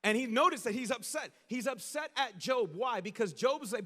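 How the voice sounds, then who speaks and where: A male pastor preaching a sermon in an animated, conversational way, full of casual slang and acted-out asides. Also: sits high, brisk, few pauses, in a large hall.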